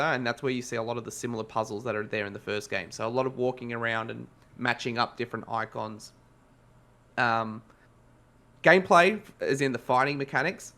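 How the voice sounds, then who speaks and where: A man with an Australian accent talks through a game review in casual podcast chat. He rambles and corrects himself mid-sentence, his voice sitting at an ordinary middle pitch. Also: a little fast, sharp tone. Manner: rambling, self-correcting, conversational.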